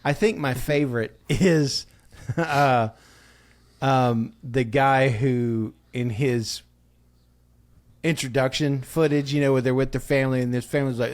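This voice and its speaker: A man co-hosting a comedy podcast, telling stories in a casual, animated way with frequent laughter and acted-out quotes. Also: medium pitch, measured pace. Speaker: podcast co-host.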